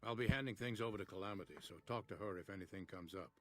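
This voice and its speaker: An actor playing a calm, methodical male scientist in a video game, speaking in a measured, clinical way. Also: fairly low pitch, close to an everyday voice.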